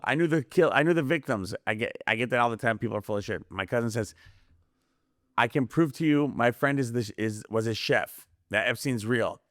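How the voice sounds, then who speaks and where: A man's voice: mid-range voice, a bit bright, no echo, clean studio sound. A man talking casually as a guest on a podcast, rambling from story to story and acting out the voices of people he quotes. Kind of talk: casual conspiracy podcast chat.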